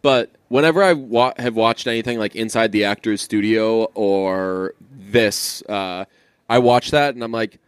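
A man co-hosting a podcast in casual banter, rambling and swearing freely with quick asides. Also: fairly low pitch, smooth, dry recording, studio quality. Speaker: podcast co-host.

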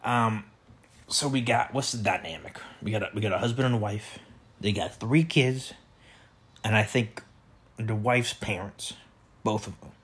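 A man's voice: lowish voice, normal speed, long pauses, fairly bright tone, breathy edge. A man hosting a podcast, telling rambling, profane stories about his neighbors in a casual, meandering way with lots of fillers and restarts. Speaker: podcast host.

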